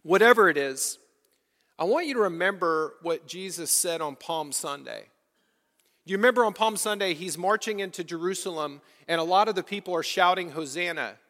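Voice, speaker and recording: Male pastor, high voice, sermon, repeated rhetorical questions, long church reverb. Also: normal speed, bright, forceful tone. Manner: preaching with rhetorical questions and repetition. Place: church sanctuary.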